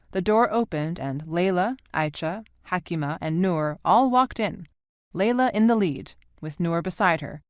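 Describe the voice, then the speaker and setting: Low-voiced woman narrating an audiobook. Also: no room sound, clean studio sound.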